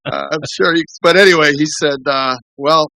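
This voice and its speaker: A man's voice: a little high, fairly even intonation, moderate pace, creaky, pushed and bright, poor audio. A middle-aged man, a comedian, telling a candid, rambling personal story in a podcast interview, full of restarts and fillers. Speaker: comedian guest.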